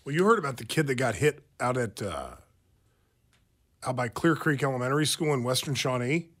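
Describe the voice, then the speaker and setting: A man's voice: medium pitch, expressive, fairly quick, a bit bright. A man co-hosting a radio talk show, telling stories animatedly with plenty of fillers and restarts. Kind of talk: casual talk radio banter.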